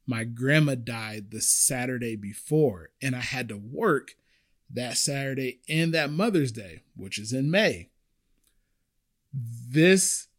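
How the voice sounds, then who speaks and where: A man's voice: medium pitch, fairly bright tone. A man who works as a restaurant server, earnestly telling a personal story in a conversational way with many restarts.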